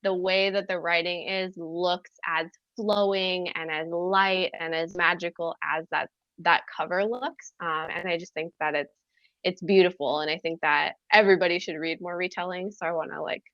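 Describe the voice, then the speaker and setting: A woman's voice: fairly low pitch, steady tone, normal speed, no room sound, lo-fi sound. A woman guest, an editor and book blogger, chatting thoughtfully about books with many ums. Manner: thoughtful, many "um"s, laughs lightly. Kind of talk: casual chat.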